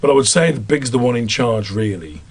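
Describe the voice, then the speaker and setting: A man's voice: medium pitch, expressive, brisk, breathy edge. A man with a Black Country accent from the English Midlands, a voice actor chatting about his work in an interview and often laughing at himself. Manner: chatty and self-amused, laughs easily. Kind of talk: interview answers.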